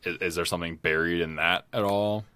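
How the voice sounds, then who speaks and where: Very deep-voiced hesitant man. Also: steady tone, a little fast, bright, forceful tone, smooth, dry recording. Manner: questioning, hesitant, full of "like". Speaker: podcast co-host. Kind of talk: casual chat.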